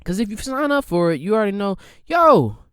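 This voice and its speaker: A man rants on a podcast in a loose, comedic flow, and his pitch climbs and drops all over the place. His voice is smooth and clean. The sound is dry and close, with no room echo. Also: sing-song, a little fast, a bit bright. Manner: rambling, profane, swings pitch widely for quoted voices. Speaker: podcast host. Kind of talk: casual comedic rant.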